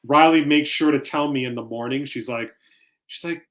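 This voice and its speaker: A man, co-hosting a casual sports podcast and telling family stories with lively acted-out quotes. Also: a little high, normal speed. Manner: animated storytelling, acts out quoted lines. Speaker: podcast co-host. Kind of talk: casual chat.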